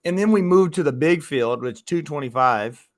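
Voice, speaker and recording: A man co-hosting a casual podcast as a youth baseball coach, telling animated stories about his players. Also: fairly high pitch, normal speed, dry recording, clean studio sound. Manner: animated storytelling, quoting players.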